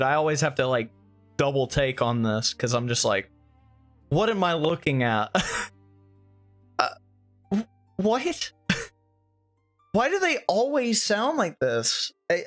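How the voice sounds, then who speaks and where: A man's voice: on the high side, fairly bright tone. Sarcastic male stream co-host. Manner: sarcastic, mocking. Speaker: livestream co-host. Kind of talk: casual reaction commentary.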